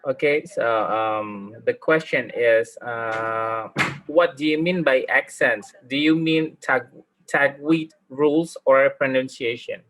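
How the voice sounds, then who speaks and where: A man's voice: mid-range voice, slow pace, a bit bright, rough recording. A man moderating an online webinar, passing on questions with many hesitant fillers.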